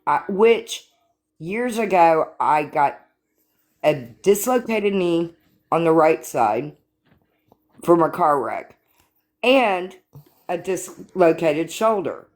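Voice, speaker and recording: A woman's voice: fairly low pitch, lively intonation, slow, pauses often. An older woman hosting a live stream, telling stories with laughter and swearing in a casual chat. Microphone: phone or computer for live stream.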